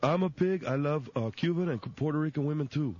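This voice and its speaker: A man's voice: on the high side, a little fast, a crowd in the background. A man on a radio call, brash and teasing as he answers back. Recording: dull, distant phone audio.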